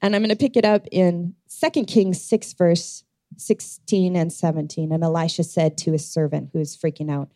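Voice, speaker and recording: A woman's voice: on the low side, fairly even intonation, moderate pace, mellow, no echo, studio quality. A woman preaching a sermon as a pastor, telling a scripture story and reading verses in an earnest way.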